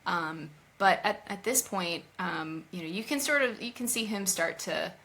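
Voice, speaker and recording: Woman, podcast co-host, casual chat, bright voice, chatty with fillers. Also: fairly low pitch, moderate pace. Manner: chatty, many fillers and restarts.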